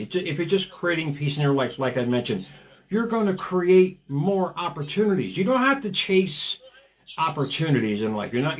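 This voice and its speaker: A man in his fifties, a radio host with a somewhat high voice, runs a motivational talk show. He talks energetically and wanders off on tangents, often repeating words as he starts a thought.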